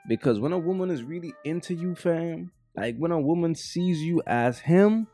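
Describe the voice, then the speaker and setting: A man's voice: mid-range voice, vocal fry, a little mellow. A man reacting to video clips, preaching bluntly to the fellas. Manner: preachy, addresses the fellas directly. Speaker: reaction commentator. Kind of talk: commentary on clips.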